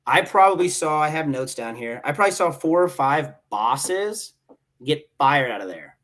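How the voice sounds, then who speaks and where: A man in his thirties, a Marine staff sergeant guest on a podcast, telling stories in casual chat, animated and casually swearing. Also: a little high, normal speed.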